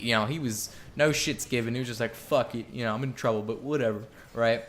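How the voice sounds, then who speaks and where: A man's voice: medium pitch, steady tone, fast, few pauses, a bit bright, a little hiss or hum. A young man telling a story in a casual vlog, candid and rambling, with lots of swearing and filler words. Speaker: vlogger.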